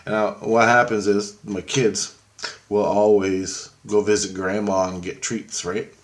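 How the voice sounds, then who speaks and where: A man who has just woken up, clearing his throat as he tells a long personal dream story, halting and meandering with many fillers and restarts. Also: fairly low pitch, level tone. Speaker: video blogger recounting a dream.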